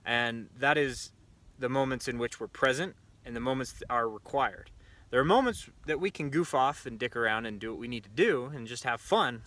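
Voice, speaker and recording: A man's voice: medium pitch, moderate pace, fairly bright tone. A man with a casual, conversational delivery full of fillers and restarts, talking to camera as a shooting coach at an outdoor pistol range. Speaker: shooting coach and show host.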